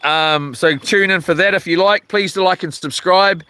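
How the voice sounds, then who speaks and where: A New Zealand angler livestreams from the seaside, wandering through casual talk and reading out chat messages amid frequent fillers and restarts. He speaks at normal speed in a high, bright, forceful voice that's clear and resonant.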